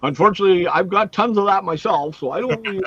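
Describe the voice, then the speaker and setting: A man hosts a card-break livestream, calling out cards and teams in an easy running patter. His voice is on the higher side for a man. It has a husky, slightly rough edge. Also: quick pace, no room sound, muffled recording. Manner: reads out cards and teams in a steady run. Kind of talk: casual livestream chat.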